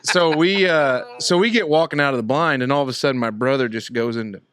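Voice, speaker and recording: A man co-hosting a casual podcast, telling a hunting story and acting out the voices of other people loudly. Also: medium pitch, fairly quick, clean tone. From Indiana. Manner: animated storyteller, acts out quotes loudly. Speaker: podcast co-host.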